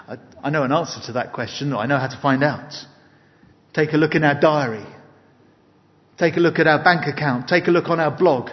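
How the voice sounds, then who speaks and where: A man preaching an evening sermon, earnest and emphatic, mixing scripture with personal stories. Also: on the high side. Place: church hall. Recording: dull, long-reverb hall recording.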